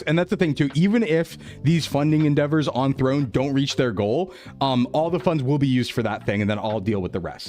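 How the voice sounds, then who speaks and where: A man chatting casually on a live stream, excitable and gushing with thanks, often breaking into laughter. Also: mid-range voice.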